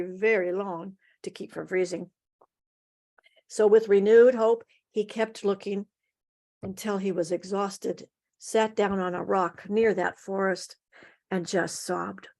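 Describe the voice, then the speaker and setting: A woman storyteller telling a folktale at an online story swap, expressive, with dramatic pauses and emphasis, heard over a video call. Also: mid-range voice.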